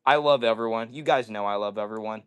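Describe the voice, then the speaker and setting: A man's voice: fairly low pitch, fast talker, fairly bright tone, clear, resonant tone. A man hosting a casual indoor livestream, joking around and reading viewer comments aloud. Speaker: livestream host. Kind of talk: casual live-stream chat.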